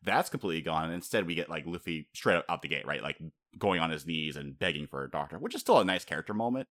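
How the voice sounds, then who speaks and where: A man's voice: rumbling low, animated, fast, a bit bright, no echo, studio quality. A man co-hosting a podcast in casual chat, rambling and chatty, often laughing as he talks. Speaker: podcast co-host.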